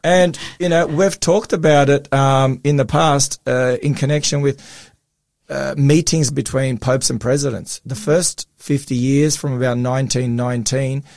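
A man with a hoarse, husky voice talks earnestly and emphatically in a religious discussion. His tone is gravelly with creak, and the recording is dry and close. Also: mid-range voice, steady tone, measured pace, a little mellow, dry recording. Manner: earnest, emphatic, with fillers and restarts. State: hoarse, voice coming back after losing it. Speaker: co-host.

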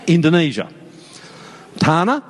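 High-voiced preacher in an echoing church. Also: male voice, measured pace, a little hiss or hum. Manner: lively, joking, calls out to the congregation. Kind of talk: sermon. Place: church worship service. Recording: long hall reverb in a church.

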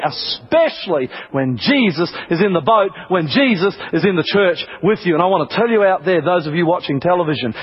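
Impassioned husky-voiced male preacher. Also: high-pitched, highs cut off. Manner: impassioned preaching, builds to emphatic peaks. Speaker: pastor. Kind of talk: sermon.

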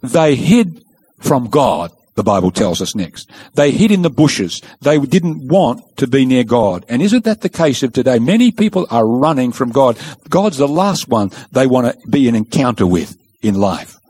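A man's voice: mid-range voice, big pitch swings, normal speed, a little mellow, husky. A man preaching a sermon, telling the story with emphasis and rhetorical questions.

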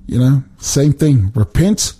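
A man explaining Bible passages in a relaxed conversation, animated and emphatic, often repeating words as he builds his point. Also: a little high, moderate pace, husky. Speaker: Bible teacher.

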